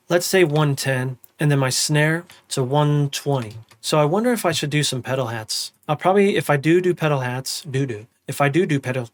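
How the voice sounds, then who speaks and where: A young man giving a casual music production tutorial, humming drum patterns out loud as he works. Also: mid-range voice. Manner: relaxed, hums and sings drum parts aloud. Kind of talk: casual screen-recorded tutorial.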